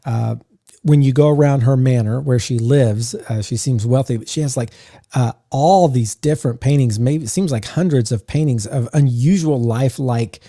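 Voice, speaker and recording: A man co-hosting a podcast about game mastering, talking in a relaxed, musing way with lots of "uh" fillers, close to the mic. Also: medium pitch, moderate pace, no room sound. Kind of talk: casual podcast chat.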